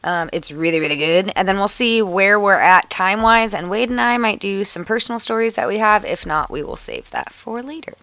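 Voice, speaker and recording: A woman co-hosting a podcast in casual chat, chatty and excitable, laughing often as she talks. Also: mid-range voice, a little fast, few pauses, no room sound. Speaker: podcast co-host. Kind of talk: casual chat, reading a listener email.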